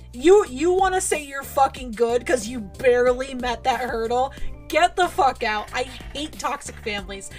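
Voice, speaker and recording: A young adult woman streamer, ranting outspokenly and swearing while commenting on a game. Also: high voice. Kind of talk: casual gameplay commentary and ranting.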